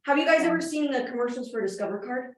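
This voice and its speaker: Energetic woman trainer, slightly high voice, caught from a distance in a very echoey room. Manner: fast-talking, energetic, asks the room questions. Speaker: real estate trainer. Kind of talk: live training presentation. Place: meeting room with audience.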